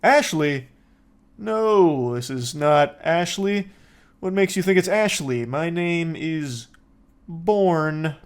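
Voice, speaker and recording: A man's voice: fairly high pitch, animated, slow, smooth. A man putting on the voice of a drunk woman who insists she is sober, in an exaggerated, sarcastic way. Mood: mock indignant. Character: mocking drunk woman feigning sobriety.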